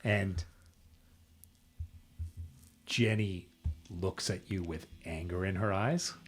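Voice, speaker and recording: A man narrating a tabletop game as game master, in a relaxed storytelling way. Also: sits low, slow.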